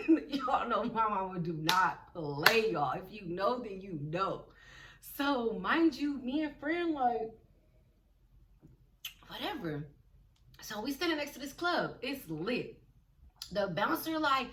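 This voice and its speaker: A young woman telling a storytime vlog in an animated, slangy way, acting out the quotes of the people in it. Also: mid-range voice, unhurried, recorded from a distance. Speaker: vlogger.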